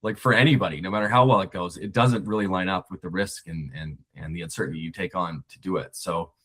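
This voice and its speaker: Low-voiced guy on a podcast, thinking out loud, lots of restarts, keeps circling back. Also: quick pace. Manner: reflective, rambling with many restarts. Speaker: podcast guest, screenwriter. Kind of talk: casual conversation.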